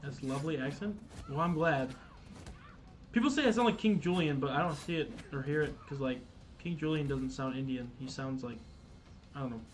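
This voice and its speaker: A man's voice: medium pitch, a little fast, slight background noise. A man hosting a casual gaming livestream, chatting loosely with viewers, swearing and stumbling over restarts and fillers. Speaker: livestream host.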